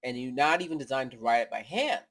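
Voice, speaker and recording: An American woman co-hosting a podcast chats casually in a General American accent, drifting off on tangents and rambling, often saying "you know what I mean." Her voice is rumbling and low, and she talks fast and animatedly.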